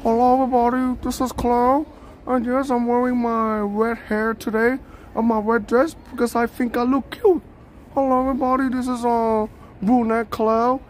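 A chatty, vain young woman with a lilting high falsetto, as a man puts her on. The voice is lifted well above his own. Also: level tone, normal speed, a little hiss or hum. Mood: playful.

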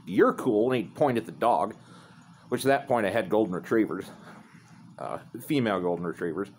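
A man's voice: lowish voice, a little fast, darkish tone, slight background noise. Profane man telling a rambling story. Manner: profane, rambling, laid-back. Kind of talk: casual storytelling.

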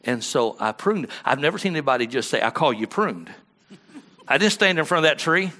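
A man preaching a sermon as pastor, telling folksy stories in a conversational way and rising to loud, animated peaks. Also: fairly high pitch, quick pace.

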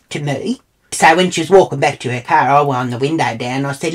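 A woman's voice: low voice, expressive, moderate pace, fairly bright tone. A middle-aged woman with an Australian accent telling a comic story in a brash, foul-mouthed, indignant way. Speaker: comedic storyteller. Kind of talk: comic monologue.

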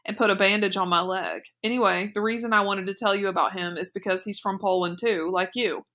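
An eager, chatty young boy who presses his point earnestly, as a woman reading aloud voices him. The tone is bright and lively, told in a storybook reading. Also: mid-range voice, a little fast, lightly acted.

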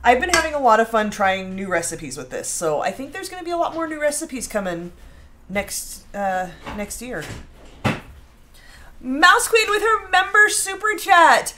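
A woman's voice: medium pitch, sing-song, normal speed, noisy background. A woman hosting a casual home baking live stream, chatting and reading out viewer comments. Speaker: baking show host. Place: home kitchen.

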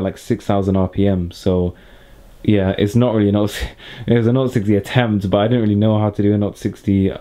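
A young man talks easily to his viewers, drifting between thoughts with plenty of fillers. His voice sits fairly low, with a mellow, darker tone. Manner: chatty, laid-back, rambling with fillers. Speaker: motorcycle vlogger. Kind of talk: casual vlog chat to camera.

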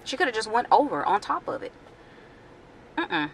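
A woman's voice: on the high side, very animated, moderate pace, slight background noise. A middle-aged woman, chatting animatedly and indignantly in a casual vlog from her home kitchen, recorded on a handheld camera. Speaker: vlogger.

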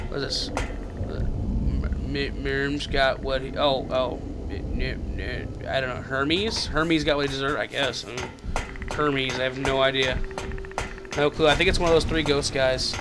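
A man's voice: mid-range voice, noisy background. A man giving casual gameplay commentary as a let's-play host, goofy and joking, talking to the characters on screen and making his own sound effects. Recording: game music playing under the voice.

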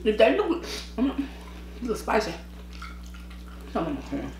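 This mukbang vlogger has a fairly high pitch and a moderate pace, sounding tired as she eats and chats on camera. She tells lively, slangy anecdotes, laughing a lot and sipping and eating between sentences. A bit of hiss or hum comes through her own mic in an echoey room.

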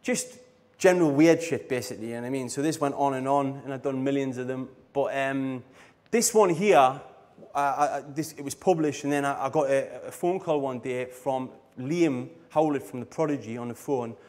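On a live stage, a middle-aged design conference speaker wanders through casual anecdotes, frequently laughing and leaning on phrases such as "you know what I mean." He talks at a normal speed in a mid-range, darkish voice.

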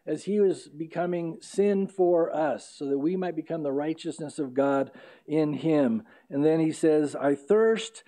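A male pastor preaching an earnest expository sermon, pausing on fillers and correcting himself as he goes. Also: fairly high pitch, dark tone. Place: church sanctuary.

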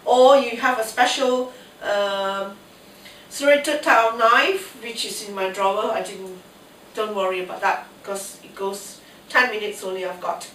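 A woman's voice: mid-range voice, steady tone, a little slow, a bit bright. A woman with a cold hosting a casual cooking demonstration alone in her home kitchen, chatting to herself as she works. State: has a cold. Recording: echoey kitchen, mic at a distance, faint noise.

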